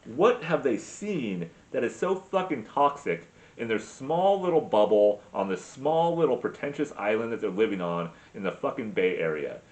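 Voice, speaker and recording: A man's voice: mid-range voice, lively intonation, moderate pace. A man ranting crudely in a comic monologue, rambling with many fillers and restarts. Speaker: comedy podcast host. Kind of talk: profane comic rant.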